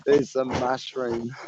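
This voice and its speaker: A man in casual chat who breaks in with slow, crude remarks and laughs often. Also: mid-range voice, mellow, husky, muffled recording.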